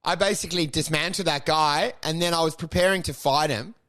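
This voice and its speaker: A young man with a high, bright, sharp-edged voice tells crude comic stories on a podcast. He is profane and mocking, and he keeps slipping into the voices of the people he talks about. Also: brisk. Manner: profane, mocking, acts out other people's lines. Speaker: podcast co-host. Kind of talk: crude comedic storytelling.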